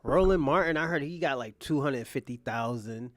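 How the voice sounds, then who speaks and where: A man's voice: mid-range voice, moderate pace, dry recording. A man doing casual reaction commentary, laid-back and slangy, swearing freely. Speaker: reaction streamer.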